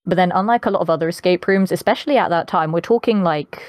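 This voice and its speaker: Speaking quickly in a lowish voice with no room sound, a posh-accented young British woman chats as a guest voice actress on a casual podcast. She's talkative, laughs frequently and fills her speech with ums.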